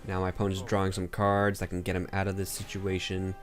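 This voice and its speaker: A man's voice: deep voice, completely flat delivery, fast talker, faint music behind. A man streaming a card game, commenting casually and thinking aloud as he plays, sometimes counting under his breath.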